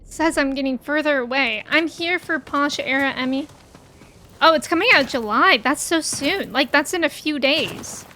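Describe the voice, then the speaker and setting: A woman's voice: high voice, normal speed, bright, forceful tone. A woman streamer chatting casually with her chat while she plays, giggly and talkative.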